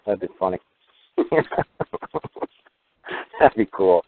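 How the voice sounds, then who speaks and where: Joking low-voiced man on a phone line. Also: unhurried, no room sound. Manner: joking, riffing with wordplay. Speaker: talk show host. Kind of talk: casual call-in radio talk. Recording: tinny phone line, dry.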